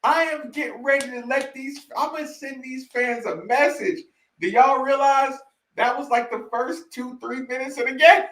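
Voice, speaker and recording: A man hosts a casual chat, laughing often and repeating his lines to the audience. His voice is high and bright, and he talks at an unhurried pace. The sound is roomy and echoey. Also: steady tone. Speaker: host reacting to old game footage.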